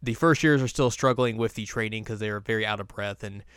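A man's voice: lowish voice, fast, fairly bright tone, clean tone, dry recording, studio quality. A young man hosting a podcast, casually recapping an episode and acting out lines in silly voices. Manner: chatty, acts out quotes in silly voices. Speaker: podcast host.

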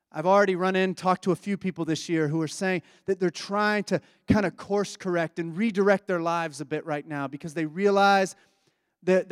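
A man's voice: high voice, clear, resonant tone, dry recording, clean studio sound. A man preaching a sermon in a conversational, reflective way, often asking his listeners questions.

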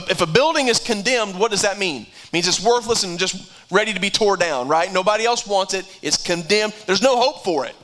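Bright high-voiced male preacher. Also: poor audio. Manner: conversational, repeats words, rises in pitch when stirred. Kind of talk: sermon.

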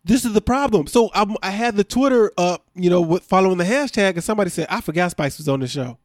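Higher-voiced guy on a podcast, super lively, laughs a lot, slangy, dry room sound. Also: fast talker, dry recording. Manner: animated, exasperated, laughs often, slangy. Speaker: podcast co-host recapping a reality show. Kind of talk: casual chat.

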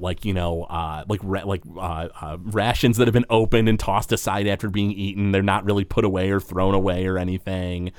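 A man's voice: low-pitched, no room sound. A man running a tabletop game as game master, narrating scenes with many filler words. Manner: rambling, full of filler words.

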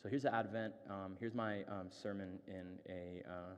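A man's voice: sits low, fairly even intonation, moderate pace, hardly any pauses, in a large hall, a little hiss or hum. A man, a pastor, giving a conversational sermon with many fillers and asides. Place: church hall.

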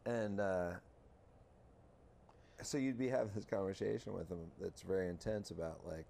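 A man chatting casually on a podcast, telling an animated story full of swearing and mocking impressions. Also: moderate pace, creaky, slight background noise. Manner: animated storyteller, swears, mimics others in a high voice. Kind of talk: casual chat.

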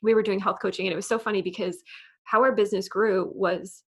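Podcast guest, woman, New York accent, slight lisp, animated storyteller, lots of "like". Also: mid-range voice, fast, slightly rough. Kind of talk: casual interview chat.

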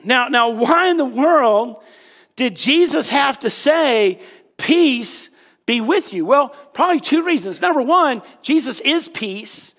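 High-voiced male pastor in a reverberant hall. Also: animated, takes it slowly, a bit bright. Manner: casual, joking storyteller with many fillers. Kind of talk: sermon.

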